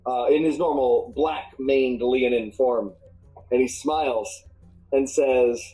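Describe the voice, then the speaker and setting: Mellow, halting tabletop game master. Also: mid-range voice, fairly even intonation, faint music behind, poor audio. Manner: halting narration full of ums and restarts.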